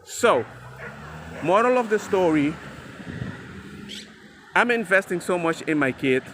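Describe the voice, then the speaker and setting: A man's voice: high voice, lively intonation, slow pace, a bit bright, slight background noise. A father talking casually to the camera about raising his son, chatty and emphatic, and he calls the viewer bro. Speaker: father sharing parenting advice.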